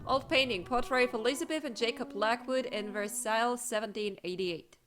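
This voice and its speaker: A woman's voice: fairly high pitch, normal speed. A woman playing a video game, chatting casually and reading in-game letters aloud with self-mocking asides. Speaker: let's play streamer. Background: game music.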